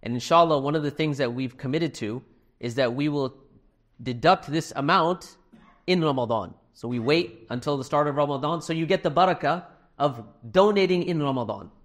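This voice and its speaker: A man's voice: fairly high pitch, normal speed. A middle-aged man giving a fundraising sermon to a live audience in a hall, earnest and conversational with self-deprecating humor. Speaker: speaker at a fundraising talk.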